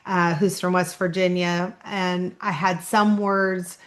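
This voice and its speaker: A middle-aged author vlogger with a slight Southern Indiana twang introduces her channel, chatting casually to camera. She seems self-conscious and laughs often, and her lowish voice is slow with little pitch movement.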